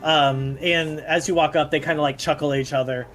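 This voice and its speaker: A man's voice: on the high side, fairly even intonation, a little fast, a bit bright, soft background music. Rambling man running a tabletop game. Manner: rambling, many fillers, laughs often. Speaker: dungeon master.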